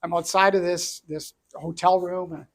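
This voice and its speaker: A middle-aged Canadian entrepreneur shares his personal story with earnest, reflective feeling. His slightly high voice is gravelly and creaky, with little pitch movement, at normal speed.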